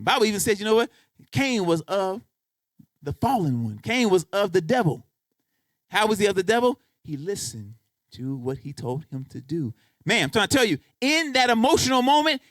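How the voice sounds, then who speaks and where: A man's voice: sits high, fairly bright tone, no echo. A man preaching a sermon as pastor, talking straight to the congregation and pressing his points with repeated questions. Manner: emphatic, repeats "guess what" to drive points home; conversational preaching, addresses congregation directly. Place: church.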